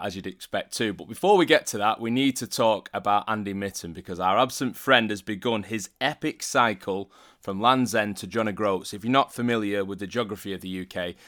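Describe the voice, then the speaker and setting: A man's voice: on the low side, fairly bright tone, no echo. A man hosting a podcast, trading teasing, dry banter in casual chat. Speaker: podcast host.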